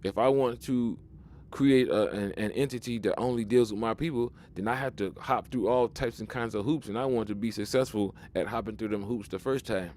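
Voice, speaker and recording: A fairly low, slightly mellow male voice comes through a bit quickly, with a little background hiss or hum. The video commentator's casual talk is emphatic and preachy, full of restarts and repeated words as he pushes his view.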